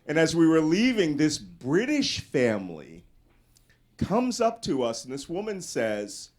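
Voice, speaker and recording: Animated male storyteller addressing an audience. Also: fairly high pitch, unhurried. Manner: animated storyteller, voices quoted people loudly. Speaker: guest speaker. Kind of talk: casual anecdotal speech.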